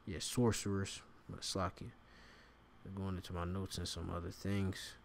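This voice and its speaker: Low-voiced man teaching scripture informally. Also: little pitch movement, creaky, slight background noise. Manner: reads scripture aloud, pausing to explain words with frequent fillers. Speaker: bible teacher.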